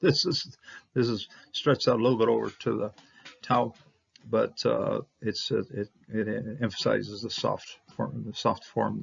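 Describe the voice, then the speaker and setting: A man teaching a casual verse-by-verse Hebrew lesson, halting and thinking aloud with many fillers and small chuckles. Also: medium pitch, gravelly, husky. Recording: dull lo-fi recording.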